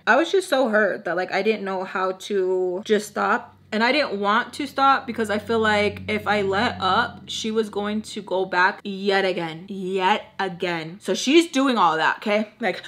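Bright-voiced young woman telling a story. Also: medium pitch, moderate pace, hardly any pauses. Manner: animated, profane, quoting others with lots of "like". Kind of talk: casual storytime while doing makeup.

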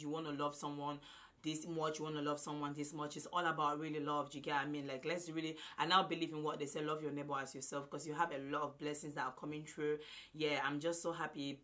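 A woman in her twenties talks straight into her phone camera, loud and effusive, circling back to the same words again and again. Her voice sits low yet rings bright and forceful. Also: little pitch movement, fast talker. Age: 20s. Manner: loud and effusive, repeats herself. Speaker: vlogger. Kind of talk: casual vlog to camera.

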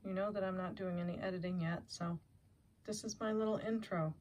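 A woman hosting a casual jewelry unboxing vlog, chatty and excitable as she unpacks at a table. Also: lowish voice, brisk, very noisy. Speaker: jewelry reseller and channel host. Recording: clear crinkling and rustling of packing. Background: clear crinkling and rustling of packing.

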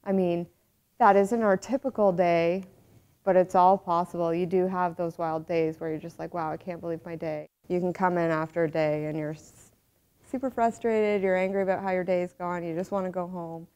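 A woman's voice: lowish voice, steady tone, moderate pace, a little mellow, clean tone. A woman paramedic speaking candidly and matter-of-factly in a documentary interview. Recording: slightly dull audio with faint music behind.

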